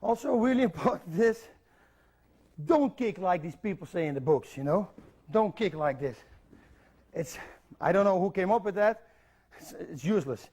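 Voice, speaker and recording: Middle-aged man w a high voice coaching kicks on tape, short direct commands, counts em out. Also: animated, normal speed, pauses often, a little mellow, breathy edge. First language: Dutch. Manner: direct coaching, counts steps, repeats cues. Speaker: martial arts instructor. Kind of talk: instructional video demonstration. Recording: instructional videotape.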